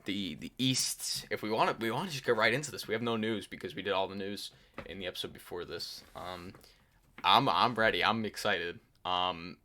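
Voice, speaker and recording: A man's voice: on the low side, moderate pace, a little hiss or hum. A young man hosting a casual sports podcast, talking loosely with lots of ums and restarts. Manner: relaxed, many fillers and restarts. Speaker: podcast host.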